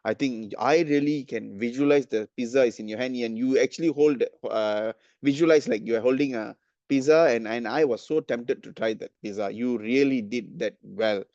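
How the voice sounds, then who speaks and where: A man's voice: mid-range voice, moderate pace, darkish tone, no echo, muffled recording. A man evaluating speeches at a club meeting, hesitant, with many fillers and restarts. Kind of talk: giving spoken feedback at a club meeting.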